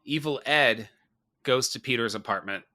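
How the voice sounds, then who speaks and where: A man's voice: mid-range voice, normal speed, pushed and bright. A man hosting a podcast, recapping a film in loose, profane casual chat and laughing often. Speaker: podcast host.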